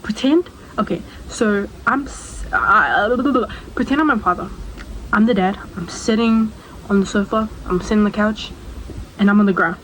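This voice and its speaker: A woman's voice: mid-range voice, normal speed, a bit bright, a little hiss or hum, low-quality recording. A young adult woman chatting casually to the camera, telling a personal story in a rambling way, with asides to the viewer. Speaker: storytime vlogger.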